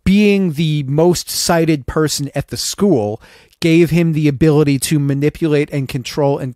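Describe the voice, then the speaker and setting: A man's voice: a little high, a little mellow, no room sound, clean studio sound. Man co-hosting, reading notes casually. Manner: reads researched notes, conversational asides. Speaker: podcast co-host. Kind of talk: casual podcast storytelling.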